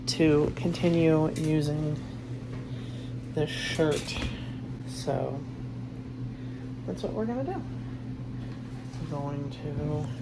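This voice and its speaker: A young woman casually chatting in a vlog at home, tired and unhurried, swearing now and then. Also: sits low, background noise. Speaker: vlogger, truck driver.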